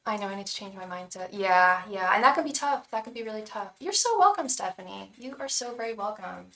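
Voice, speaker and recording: A woman's voice: mid-range voice, lively intonation, a little fast, pushed and bright, far from the mic. A woman who reads tarot on a livestream, chatting casually and encouragingly to viewers, repeating words and using many fillers. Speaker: tarot reader and psychic on a livestream. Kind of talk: casual chat to live viewers. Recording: roomy echo, voice away from the mic.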